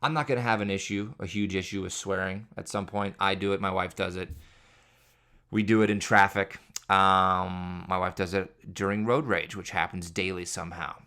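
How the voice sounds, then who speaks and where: A man with a fairly low voice hosts a podcast as a solo, casual comedic monologue. He rambles from one parenting story to the next, joking and exaggerating as he goes. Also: steady tone, normal speed, sharp tone, smooth. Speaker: podcast host.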